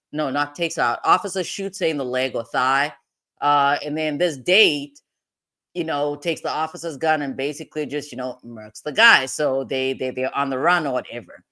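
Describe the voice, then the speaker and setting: A woman's voice: deep voice, sharp tone. A woman hosting a legal commentary livestream, rambling and digressive in casual talk, breaking into laughs often.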